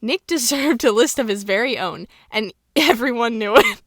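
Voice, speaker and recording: A woman's voice: fairly high pitch, expressive, normal speed, a bit bright, no echo, studio quality. A woman co-hosting a podcast, reading a children's book aloud with casual banter, giggling and stumbling over words as she goes.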